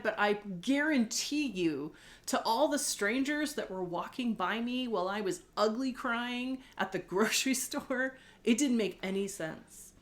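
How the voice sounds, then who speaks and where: A middle-aged woman giving a heartfelt personal talk, gentle and candid, a little tearful at times. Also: on the high side. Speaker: host.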